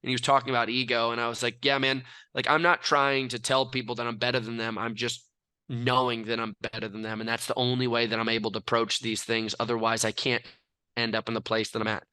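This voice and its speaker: A young man from California talks with brash self-assurance, spinning stories in a casual interview. His voice is bright, crisp and dry. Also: mid-range voice, flat delivery, fast, no room sound. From California, USA. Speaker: athlete guest.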